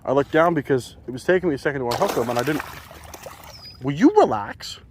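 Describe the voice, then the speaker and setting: A man's voice: medium pitch, rapid-fire, noisy background. A man talking casually to his viewers while bank fishing, recorded on a chest-mounted camera, chatty and self-deprecating. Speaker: fishing vlogger. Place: outdoors on a lake bank.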